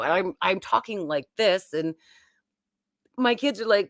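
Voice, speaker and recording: A woman's voice: medium pitch, lively intonation, moderate pace, no room sound, clean studio sound. A woman, hosting a casual, rambling live-stream chat from home. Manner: chatty and rambling. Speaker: YouTube host.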